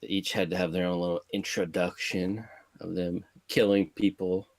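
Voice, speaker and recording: Podcast co-host, man, very low voice, dry close mic, laid-back plot recap. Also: flat delivery, moderate pace, no room sound. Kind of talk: casual movie plot recap.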